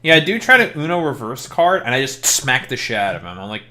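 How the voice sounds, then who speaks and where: A man's voice: mid-range voice, very animated, quick pace, pushed and bright. A man streaming while he plays a game, chatting casually in joking, profane rants. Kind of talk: casual gameplay chat.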